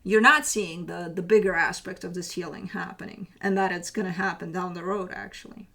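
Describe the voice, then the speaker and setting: A woman's voice: lowish voice, fairly even intonation, a little fast, gravelly, a bit bright. A woman giving a casual tarot reading, chatty and loose, swearing now and then and slipping into teasing asides. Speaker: tarot reader.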